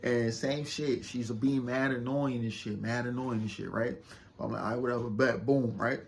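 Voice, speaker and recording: A young vlogger with a medium-pitched, creaky voice tells viewers a casual storytime at normal speed, with slight background noise. He's loose, slangy, and boastful, keeps checking in with the listener, and gets loud and excited retelling an argument.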